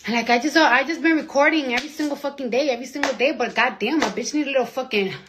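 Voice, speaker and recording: A young woman chatting on a phone live stream at home, profane and rambling, swinging from loud outbursts to hushed whispers. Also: high voice, quick pace, background noise. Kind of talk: casual live-stream chat.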